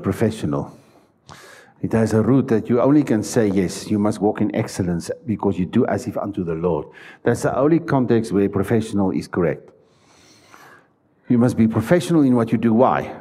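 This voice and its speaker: A man's voice: fairly low pitch, lively intonation, normal speed, mellow. Man pastor preaching in church, emphatic, keeps asking the crowd questions. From South Africa. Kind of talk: sermon.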